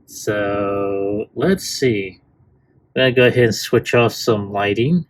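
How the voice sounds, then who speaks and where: A man's voice: lowish voice, slow, a little hiss or hum. A man hosting a casual toy unboxing review, rambling with fillers and restarts.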